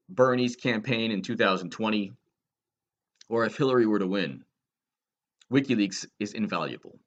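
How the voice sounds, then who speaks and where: A man's voice: fairly low pitch, fairly bright tone, lo-fi sound. A man giving a political commentary monologue, sarcastic and emphatic, firing off rhetorical questions.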